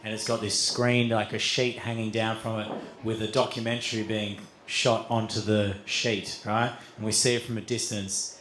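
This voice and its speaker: A man telling a long story on stage as a stand-up comedian, swearing freely and getting animated. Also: lowish voice, normal speed, a little hiss or hum. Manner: animated, swearing, building to shouts.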